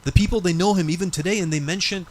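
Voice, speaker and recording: Emphatic high-voiced male preacher. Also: fast. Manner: dramatic, emphatic storytelling. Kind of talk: sermon storytelling. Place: mosque.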